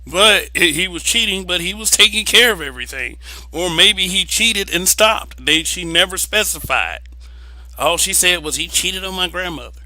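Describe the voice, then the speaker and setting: Young man, blunt and profane, casual opinion monologue, slightly high voice, dry close sound. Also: lively intonation, normal speed, sharp tone, dry recording, low-quality recording. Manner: blunt and profane, repeats words when making a point. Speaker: vlogger giving opinions.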